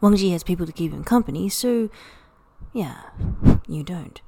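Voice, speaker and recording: A woman reading a podfic, voicing a gentle young man who speaks softly and affectionately. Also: fairly low pitch, lively intonation, moderate pace, gravelly, slight background noise. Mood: fond. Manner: soft-spoken, affectionate.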